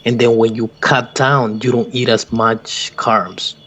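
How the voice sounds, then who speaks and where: A man on a podcast group call, explaining earnestly with halting restarts. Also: medium pitch, flat delivery, a bit bright. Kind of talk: casual group-call chat.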